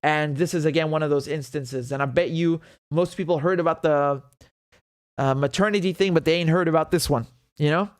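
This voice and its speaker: A man hosting a live political commentary show, sounding heated and sarcastic and swearing freely. His voice sits fairly high for a man. The sound is close and dry, with no room around it. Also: fairly quick, no room sound.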